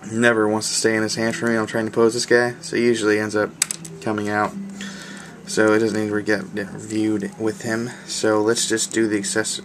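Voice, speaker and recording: Here is a man with a fairly low voice, talking casually and eagerly through a toy review in loose, slangy sentences. His words wander from point to point, and a faint hum of noise sits behind him. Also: fairly bright tone. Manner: enthusiastic, slangy, rambling.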